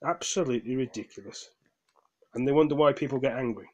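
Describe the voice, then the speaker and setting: A man's voice: mid-range voice, quick pace. A man vents in a rambling casual vlog rant. His voice sounds tired, and he talks in a heated way, swears, stumbles over restarts and apologizes to his viewers. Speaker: gaming vlogger. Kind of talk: casual ranting monologue.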